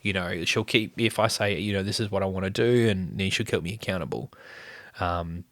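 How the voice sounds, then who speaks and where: Low-voiced dad, casual storytelling. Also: male voice, a little fast, a bit bright, no echo. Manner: chatty, rambling, many fillers and restarts. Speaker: family vlogger, father.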